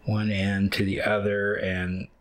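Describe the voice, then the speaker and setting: Handling wool and reading aloud, a fiber arts channel host rambles through a casual hands-on tutorial with many ums and uhs. He speaks slowly in a lowish voice with a flat delivery.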